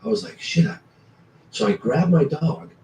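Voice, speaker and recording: A man casually telling a story in a chat, acting out his own past thoughts with lively swings of voice. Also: a little high, moderate pace, vocal fry. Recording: roomy, distant mic with faint ambient noise.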